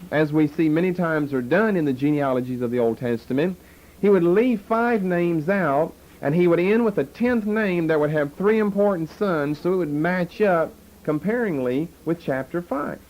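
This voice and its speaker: A man's voice: on the high side, expressive, moderate pace, darkish tone, rough recording. A man teaching a Bible lesson, explaining step by step and posing rhetorical questions. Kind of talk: lecture on scripture.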